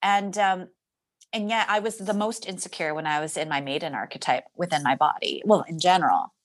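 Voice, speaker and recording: A woman's voice: on the low side, expressive, brisk. A woman speaking as a podcast guest, reflective and candid, often laughing and restarting her sentences. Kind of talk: candid personal conversation.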